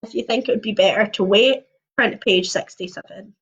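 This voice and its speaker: A woman's voice: medium pitch, fairly quick, slightly rough. A woman reading an interactive story aloud at home, with chatty, jokey asides between passages. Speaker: storybook reader on a livestream. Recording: dull lo-fi livestream audio.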